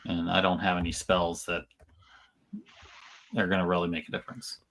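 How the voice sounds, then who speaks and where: A man playing a tabletop game, hesitant and thinking aloud with many pauses. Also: low voice, flat delivery, a bit bright. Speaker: player. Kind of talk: casual tabletop game chat.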